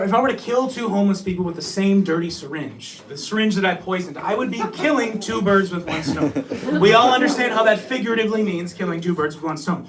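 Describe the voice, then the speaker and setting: A man doing a crude, rambling stand-up comedy set, often shouting and laughing. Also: sits high, recorded from a distance, slight background noise. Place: small comedy venue.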